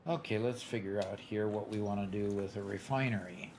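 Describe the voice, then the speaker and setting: A man's voice: fairly low pitch, a little fast, a little mellow, slight background noise. A man playing a game on a stream, chatting casually and often asking follow-up questions. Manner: curious, asks follow-up questions. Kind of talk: casual gaming stream chat.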